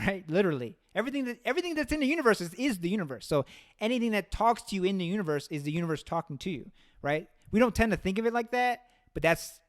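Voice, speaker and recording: A man hosting a podcast, telling rambling stories in casual chat, swearing freely. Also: high-pitched. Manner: rambling, profane storytelling. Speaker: podcast host.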